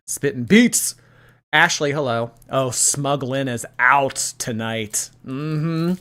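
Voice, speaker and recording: A woman's voice: a bass voice, expressive, slow pace, fairly bright tone. A woman hosts a casual livestream with a chatty, sarcastic manner. Her light lilt comes through as she reads viewer messages aloud and riffs on them. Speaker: host.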